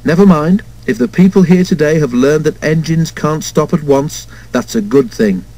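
A man voicing a kindly, steady engine driver who speaks in a reassuring, encouraging way, in a storybook reading. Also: on the high side, moderate pace. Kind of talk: storybook character voice.

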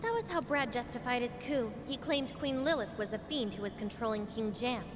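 A woman's voice: animated, fairly quick, lightly acted. An actress voicing an earnest, troubled young woman fighter from a resistance group in a video game. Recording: game audio with rumble under it.

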